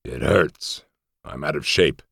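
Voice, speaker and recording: A man doing a quiet, weary armored man. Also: extremely low pitch, animated, moderate pace, creaky, husky, no room sound, clean studio sound, full character voice. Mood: subdued. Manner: quiet, wry, subdued.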